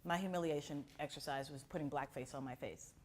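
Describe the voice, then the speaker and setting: A woman's voice: low voice, brisk, a little hiss or hum. A middle-aged woman from Miami teaching an acting class, telling stories and acting out the voices of the people in them. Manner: expressive storyteller who acts out quotes. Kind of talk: animated class talk with acted-out anecdotes.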